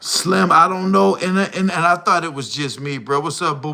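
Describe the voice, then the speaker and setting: Middle-aged guy rambling on his live stream, out of breath, bright forceful voice, kinda high. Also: fairly even intonation, moderate pace, creaky. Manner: slangy, rambling, breathless talk. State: short of breath. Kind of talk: casual live stream chat reading comments.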